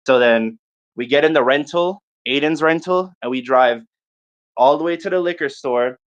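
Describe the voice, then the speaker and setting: A young man in casual podcast chat, telling a long party story in an animated, profane way and acting out his friends' lines in quick bursts. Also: a little high, highs cut off.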